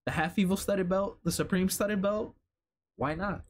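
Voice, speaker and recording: A young man from Chicago talking casually and excitedly, with lots of slang and swearing, as he reacts to new streetwear items. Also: high-pitched, normal speed. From Chicago, United States. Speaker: streetwear vlogger. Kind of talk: casual commentary while browsing a lookbook.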